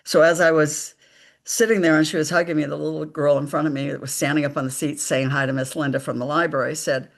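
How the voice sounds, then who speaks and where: A woman, a psychic medium guest, telling stories slowly and emphatically in a live conversation, acting out the dialogue. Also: sits low, steady tone, vocal fry. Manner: slow, emphatic storytelling with quoted dialogue.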